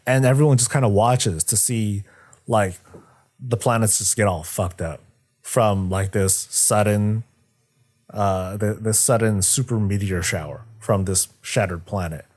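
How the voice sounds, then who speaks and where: A man's voice: fairly low pitch, a little mellow. A young man chatting casually on a livestream, rambling and swearing, joking as he retells a story. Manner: rambling, profane, jokey, acts out characters in quick asides. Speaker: streamer discussing game lore.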